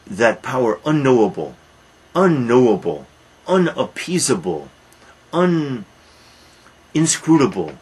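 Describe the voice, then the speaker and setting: A man's voice: lowish voice, a little hiss or hum, poor audio. A man lecturing on a Greek tragedy, retelling it as a dramatic storyteller who repeats words for emphasis. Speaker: literature lecturer.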